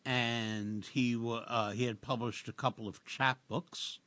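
A man hosting a radio show, chatting casually in a halting, rambling way with lots of fillers and restarts. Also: mid-range voice, fairly even intonation, sharp tone, no room sound. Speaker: radio host. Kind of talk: casual radio interview chat.

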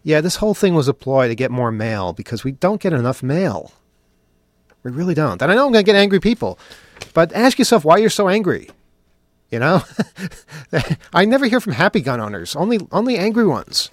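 A man's voice: fairly high pitch, very animated, brisk. A man hosting a talk show, riffing sarcastically with mock questions and then turning earnest. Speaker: podcast host. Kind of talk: opinionated talk show monologue.

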